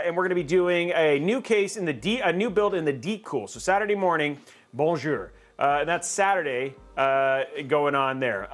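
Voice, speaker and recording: A man's voice: high-pitched, a bit bright. A man hosting a casual livestream, jokey and upbeat, rambling with plenty of fillers. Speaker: livestream host.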